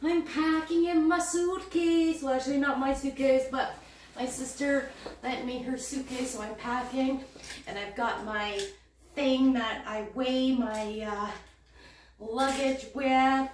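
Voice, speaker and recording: A woman in her fifties vlogging casually at home, excitable and repeating herself. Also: high voice, takes it slowly. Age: 50s. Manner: excitable, repeats phrases, gasps and squeals. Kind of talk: casual unboxing chat. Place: home room, packing. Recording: echoey room, faint noise.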